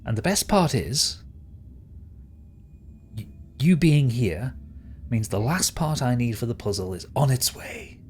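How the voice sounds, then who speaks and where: A man's voice: medium pitch, sing-song, unhurried, pauses often, darkish tone, a little hiss or hum. A British man voicing a smug, sneering male villain who schemes and gloats. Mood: gloating.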